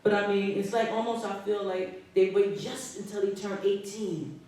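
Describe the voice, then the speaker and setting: Upset woman at a town meeting, halting and emotional, far off, lots of echo. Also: mid-range voice, steady tone, mellow. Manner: emotional, hurt, pleading, halting. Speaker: resident speaking at a public meeting. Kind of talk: public comment. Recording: echoey hall, distant mic.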